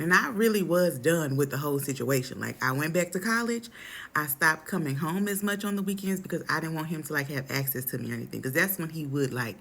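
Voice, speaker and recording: Young woman vlogger, lowish gravelly voice, lively slangy storytime delivery. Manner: animated, dramatic retelling with slang. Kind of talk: casual storytime chat.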